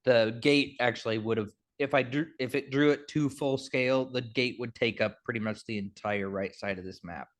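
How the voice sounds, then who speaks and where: A young man running a tabletop game at a mid-range pitch. He explains rulings in a halting way, with plenty of ums and restarts. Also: steady tone. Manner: halting, filler-heavy explaining. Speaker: game master.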